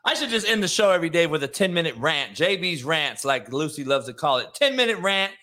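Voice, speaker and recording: A man's voice: on the high side, sing-song, a little fast, pushed and bright. A man hosting a solo sports talk show, ranting in a brash, profane, combative way and talking to his live chat viewers. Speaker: show host.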